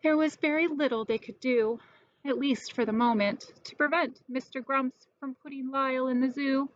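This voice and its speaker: Woman, storybook narrator, lively and expressive, slightly high. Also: normal speed, muffled recording. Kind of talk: storybook read-aloud.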